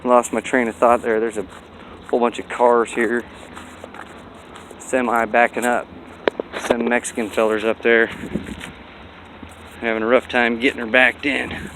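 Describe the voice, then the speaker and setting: A man's voice: medium pitch, flat delivery, unhurried, pauses often, noisy background. A man vlogging outdoors by a busy road, in a rambling, folksy way with lots of fillers. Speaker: dog breeder vlogger. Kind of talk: casual walking vlog.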